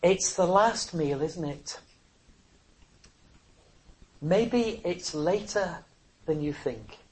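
Brief: older preacher, sermon delivery, hushed pleas that build to loud cries, chuckling asides. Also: mid-range voice, animated, extremely slow, low-quality recording. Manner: swings from soft pleading to loud exclamations, chuckles often.

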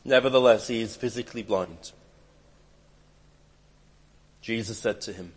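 A man preaching a sermon, swinging between loud emphatic declarations and quiet, hushed asides. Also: lowish voice, measured pace, pauses often, slightly rough.

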